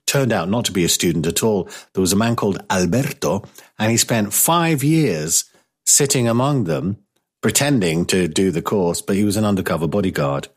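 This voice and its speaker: A man's voice: lowish voice, animated, normal speed, husky. A British man hosting a talk radio show, chatting casually and rambling with many restarts. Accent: British English. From Britain.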